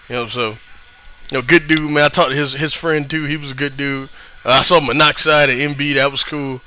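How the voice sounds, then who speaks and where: Excitable young man with a bright voice. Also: fairly high pitch. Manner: excitable, laughs often, lots of fillers and curse words. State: voice worn from yelling. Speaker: vlogger recapping a live wrestling show. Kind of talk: casual rambling recap.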